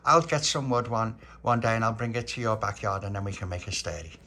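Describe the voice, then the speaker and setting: A man spins a chatty, rambling story from his childhood. His voice is bright and forward, and it jumps up whenever he takes on the children's lines. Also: on the low side, fairly quick, slight background noise. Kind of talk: spoken storytelling of a childhood memory.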